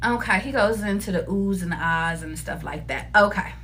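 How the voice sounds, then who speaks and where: A woman giving a casual tarot reading to her viewers, animated, laughing often and cursing freely. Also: medium pitch, moderate pace. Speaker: tarot reader.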